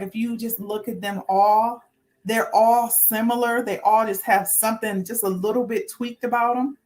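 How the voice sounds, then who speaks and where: Earnest rambling woman host. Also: medium pitch. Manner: rambling, restarts, talks herself through points; informal, earnest. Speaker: spiritual talk host. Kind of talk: casual spoken talk with notes.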